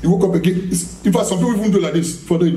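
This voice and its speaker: A man's voice: high voice, racing, dark tone, slight background noise. Emphatic male preacher in an echoey hall. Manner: emphatic, repeats phrases, rhetorical questions to the audience; laughs often while preaching. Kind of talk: charismatic sermon. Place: church hall. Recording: echoey hall, mic from a distance.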